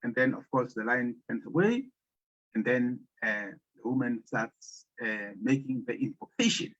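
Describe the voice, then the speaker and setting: A man giving a storytelling lecture on African philosophy, speaking haltingly with many fillers and pauses. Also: medium pitch, lively intonation, fairly bright tone. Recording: muffled lo-fi audio.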